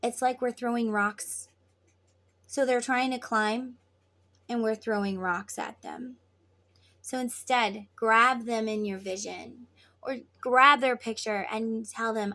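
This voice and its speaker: A woman's voice: on the high side, takes it slowly, a bit bright. A woman tarot reader giving spiritual advice in an earnest, casual way, repeating herself and swearing now and then.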